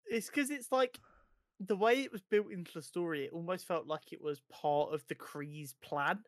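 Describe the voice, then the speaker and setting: Animated man reviewing films. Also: sits high, moderate pace, no room sound, studio quality. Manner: animated, stumbles and repeats words when excited. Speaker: podcast co-host. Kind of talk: casual film review chat.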